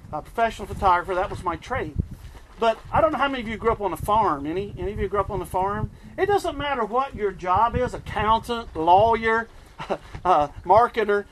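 A middle-aged man from the US East Coast preaching a sermon, telling stories in an animated way and chuckling often. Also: high-pitched, a little hiss or hum.

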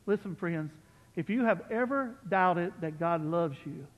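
A man preaching as pastor, building to loud peaks on key lines and dropping to soft, quiet asides. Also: high-pitched, lively intonation, a little slow, long reverb tail, dull audio. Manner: impassioned, rises loud on key phrases, drops to soft asides. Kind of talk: sermon. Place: church sanctuary.

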